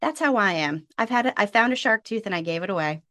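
A woman in her thirties, a podcast guest, telling a casual story with lively jumps in pitch when she quotes people. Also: fairly quick, no echo, studio quality.

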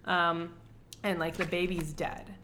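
Animated young woman, casual chat. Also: on the low side, takes it slowly, slight background noise. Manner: animated, swears freely, acts out characters in quotes. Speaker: book club podcast co-host.

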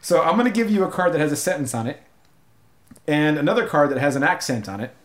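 A man's voice: a little high, very animated, quick pace. Giggly man hosting in an echoey room. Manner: giggly, laughs often mid-sentence. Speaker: podcast host. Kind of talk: casual interview chat. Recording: roomy echo.

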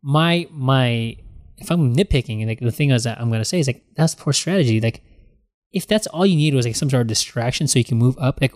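A man's voice: mid-range voice, fairly quick. Guy rambling about a movie, lots of restarts, bits of acted-out quotes. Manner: rambling, animated, acts out quotes. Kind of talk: casual movie chat.

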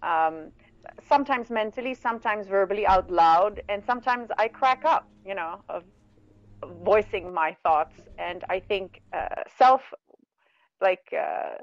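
A middle-aged woman who is not a native English speaker, a guest talking earnestly and warmly about spiritual self-talk in a radio conversation. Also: medium pitch, measured pace, no room sound, dull audio. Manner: earnest, animated, laughs at herself. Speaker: guest, meditation teacher.

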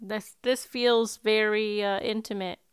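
A woman co-hosting a casual podcast who drops wry, deadpan remarks about a TV episode. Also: medium pitch, a little slow, clear, resonant tone, dry recording, clean studio sound. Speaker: podcast co-host. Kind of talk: casual recap chat.

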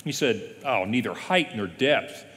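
A male pastor delivers a sermon with a lively, swinging intonation that rises and falls as he drives his points home. His voice sits at an ordinary pitch, and he often stresses words hard while quoting scripture. A long church-hall reverb trails after each phrase. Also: a little slow. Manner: lively emphatic preaching with frequent scripture quotes. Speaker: executive pastor. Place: church sanctuary.

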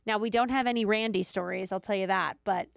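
A woman's voice: medium pitch, fast talker, vocal fry, clear, resonant tone, dry recording, studio quality. A woman co-hosting a podcast in casual chat, chatty and full of "like". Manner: chatty, uses a lot of "like". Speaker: podcast co-host.

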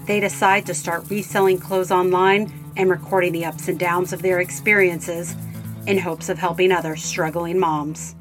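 A woman reading a slow, measured scripted podcast intro. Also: fairly low pitch, flat delivery. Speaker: podcast co-host. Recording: narration over loud music. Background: music.

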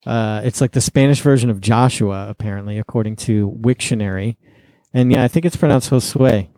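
A man's voice: mid-range voice, a little fast, warm tone, no room sound. A man co-hosting a podcast, chatting casually and joking wryly. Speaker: podcast co-host. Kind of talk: casual chat.

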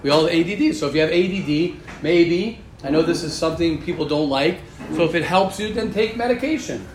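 A man with a high voice leads a religious class in a motivational style. He drives his points home by repeating phrases and addressing students directly. The sound is roomy and echoey. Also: expressive, a little fast, darkish tone, a little hiss or hum. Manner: emphatic, repeats key phrases, speaks straight to students. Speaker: teacher leading a religious class. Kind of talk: animated motivational class talk. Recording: echoey room.

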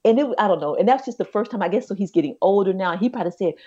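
A woman, co-hosting a podcast and telling a personal story in a chatty, animated way. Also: medium pitch, racing, breathy edge, muffled recording. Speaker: podcast co-host. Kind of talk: casual chat, storytelling.

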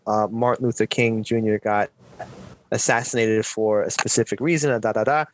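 A man's voice: lowish voice, fairly even intonation, moderate pace. A man in a casual podcast chat over a video call, rambling with lots of restarts and swearing freely.

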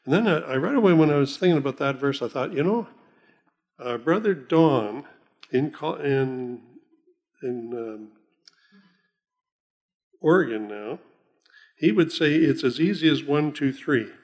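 A man giving an informal Bible talk in a folksy, chuckling way, slowing down when he reads scripture aloud. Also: a little high, lively intonation, darkish tone. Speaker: lay preacher.

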